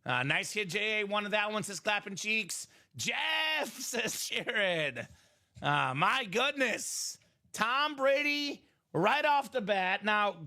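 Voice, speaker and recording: A young man hosting a live sports card break, hyping items and bantering with viewers in quick sales patter. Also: sits high. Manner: energetic, shouts and jokes with viewers.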